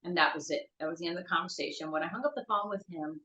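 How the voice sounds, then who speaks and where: Middle-aged woman, lowish bright voice, halting tearful storytelling, echoey dull audio. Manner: halting, searching for words. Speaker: podcast guest, bereaved mother. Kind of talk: emotional personal storytelling.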